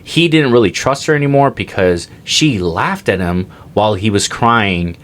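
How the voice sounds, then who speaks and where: A man's voice: fairly low pitch, animated, moderate pace, a bit bright. A young man co-hosting a casual comedy podcast, rambling through stories with lots of "like" and "dude". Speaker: podcast co-host.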